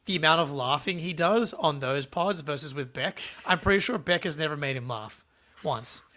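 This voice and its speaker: A man co-hosting a casual live stream, excitable and laughing often, quick to apologize. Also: a little high. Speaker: podcast co-host.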